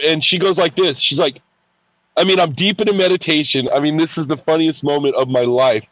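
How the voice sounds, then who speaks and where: A man's voice: a little high, normal speed, pauses often, fairly bright tone, no room sound, rough recording. A man speaking as a podcast guest. He tells a personal spiritual story, acts out the dialogue in it, and often repeats words and restarts.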